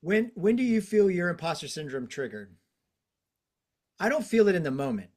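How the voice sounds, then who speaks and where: A man hosting a podcast, reflecting out loud in a casual, thinking-it-through way. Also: high-pitched, big pitch swings, normal speed. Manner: reflective, talks things through with casual fillers. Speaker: podcast host.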